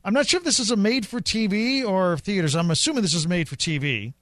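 On a sports radio show, a young man co-hosts with casual, teasing chatter, calling golf shots as they happen. He talks fast in a high, fairly bright voice, captured in studio quality with no room sound.

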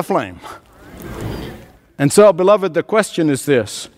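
A high-pitched man delivering a sermon. He drops to soft, low asides, then climbs into emphatic, rising runs, chuckling between lines. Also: big pitch swings, slow pace, long pauses. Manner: preaching with dramatic swings of pitch and loudness, builds to emphatic climaxes. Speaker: pastor.

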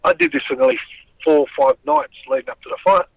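A man's voice: sits high, quick pace, creaky, no room sound, low-quality recording. A middle-aged man in a casual interview, telling rambling stories about his boxing past with a lot of swearing. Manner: swearing, rambling, animated storyteller. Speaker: former boxer, guest.

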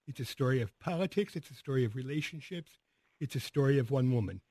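A man hosting a weekend radio talk show, introducing his guest with a smooth announcer's delivery. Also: mid-range voice, expressive, fast, darkish tone, no echo. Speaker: radio host.

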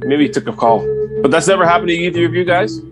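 A man's voice: fairly high pitch, quick pace, over loud music. A middle-aged man co-hosting a podcast, telling stories in a casual chat and often stammering and repeating words. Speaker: podcast co-host.

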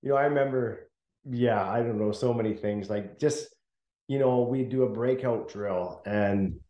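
A man's voice: medium pitch, normal speed, dark tone, reverberant, dull audio. A middle-aged man, a former hockey player, telling laughing stories as a guest in a casual interview. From Canada. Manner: laughs often, chatty, many restarts.

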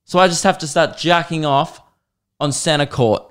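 A man's voice: fairly high pitch, steady tone, moderate pace, fairly bright tone, clean tone. A man with an Australian accent, a comedian hosting his own podcast, rambling through jokey stories and swearing freely. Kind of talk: casual solo podcast monologue.

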